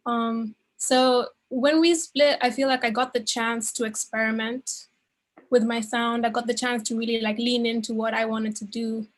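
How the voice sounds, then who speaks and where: A woman musician answers in a relaxed, loose way, her fairly high voice dotted with casual fillers. She sounds easygoing and reflective in a plain interview setting. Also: normal speed. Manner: relaxed, filler-heavy "like" phrasing. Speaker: musician guest.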